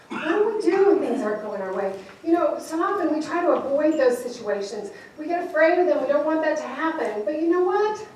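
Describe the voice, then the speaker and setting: Brief: high-pitched woman, lively motivational speaker telling stories, heard from far off in a reverberant hall. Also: slight background noise. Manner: animated, laughing often, acts out voices in her stories. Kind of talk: storytelling keynote speech. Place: large event hall with audience.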